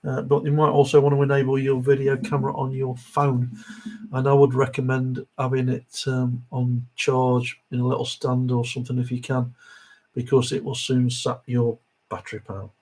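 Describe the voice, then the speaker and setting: A man's voice: medium pitch, flat delivery, normal speed, darkish tone, poor audio. A middle-aged man hosting a live Q&A stream, chatting casually and reading viewer comments aloud.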